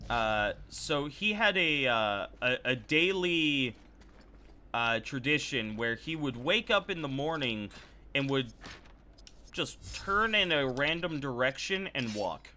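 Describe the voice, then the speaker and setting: A man's voice: medium pitch, animated, slow pace, bright, forceful tone, a little hiss or hum. A man streaming a game and telling a rambling, loose story with frequent self-corrections. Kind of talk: casual storytelling while gaming.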